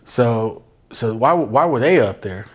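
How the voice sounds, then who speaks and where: A man interviewing a guest, asking long questions with pauses and restarts. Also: medium pitch, lively intonation, breathy edge. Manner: hesitant, many fillers and restarts.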